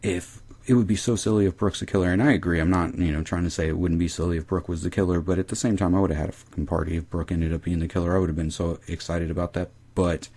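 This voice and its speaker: A man's voice: sits low, flat delivery, fast, hardly any pauses, darkish tone. A man casually recapping a TV episode, rambling and swearing freely. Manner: rambling, profane.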